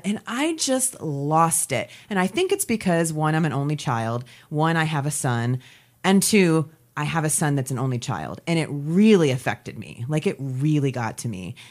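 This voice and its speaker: A woman's voice: low voice, a little mellow. A woman co-hosting a podcast about movies, talking in a chatty, emotional way and acting out quotes. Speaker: podcast co-host. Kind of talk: casual chat.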